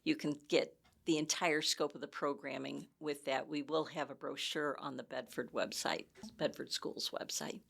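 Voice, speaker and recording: A woman's voice: low voice, fairly even intonation, moderate pace, vocal fry, fairly bright tone, slightly rough. A woman from Michigan, a guest in a casual interview, explaining things in a chatty, friendly way with restarts. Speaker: community education guest.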